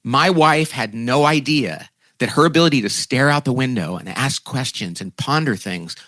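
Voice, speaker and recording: Guy on a podcast telling a story, lively and self-mocking, does little voices, mid pitch, dry sound. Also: normal speed, no echo. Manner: animated, self-deprecating, acts out quoted voices. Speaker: guest author. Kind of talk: conversational storytelling.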